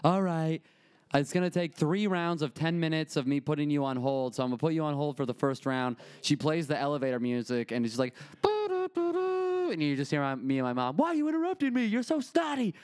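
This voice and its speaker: Young man telling stories, smooth dry voice. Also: fast talker, no echo. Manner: animated, acts out his mother in a high yelling voice. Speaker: podcast co-host. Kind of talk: casual comedic storytelling.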